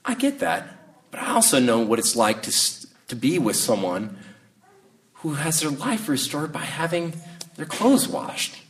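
A man, preaching a sermon in a conversational, reflective way, sometimes pausing and restarting his sentences. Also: on the high side, big pitch swings. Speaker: pastor. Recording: voice a bit distant from the mic.

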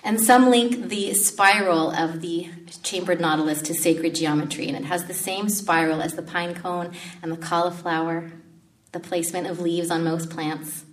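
A woman's voice: fairly low pitch, steady tone, normal speed, distant mic. A woman preaching a sermon, telling the story with animation and acting out the disciples' panic.

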